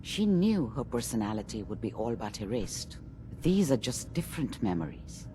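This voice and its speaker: An actress voicing a calm woman scientist running a memory transfer in a game, speaking in a clinical, instructive way. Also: extremely low pitch, normal speed, soft background music. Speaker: game character.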